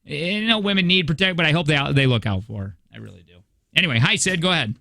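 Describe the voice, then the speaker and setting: A man's voice: fairly high pitch, expressive, quick pace, gravelly, bright, forceful tone, dry recording. A man in his thirties hosting a morning radio show, rambling through stories in casual chat. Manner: rambling storyteller, chatty. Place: radio studio. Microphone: studio microphone.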